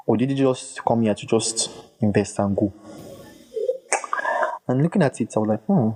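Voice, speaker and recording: A man's voice: lowish voice, normal speed, dark tone, rough recording. A Nigerian man with a Nigerian accent, speaking as a podcast guest in a casual, passionate and emphatic way, repeating phrases for effect. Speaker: guest, culture writer.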